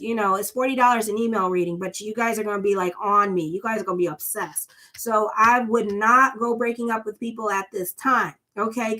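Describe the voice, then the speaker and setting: A woman's voice: a little high, pushed and bright. A woman astrologer giving a casual tarot reading, chatty and blunt, with lots of fillers. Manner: chatty, blunt and sassy, many "you know" fillers.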